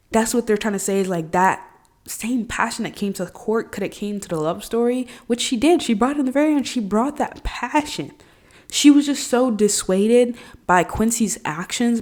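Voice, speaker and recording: A woman hosting her own podcast, talking casually and animatedly, full of slang with big jumps in pitch and loudness. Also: moderate pace. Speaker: podcast host. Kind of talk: casual solo podcast talk.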